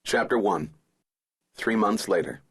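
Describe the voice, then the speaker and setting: Low, husky male audiobook narrator. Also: measured pace, a bit bright. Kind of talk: scripted first-person audiobook narration.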